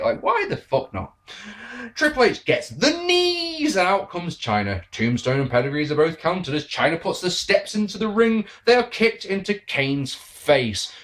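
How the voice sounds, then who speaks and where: A man reviewing wrestling matches in a casual, sarcastic and sweary monologue, often jumping into mock excitement. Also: mid-range voice.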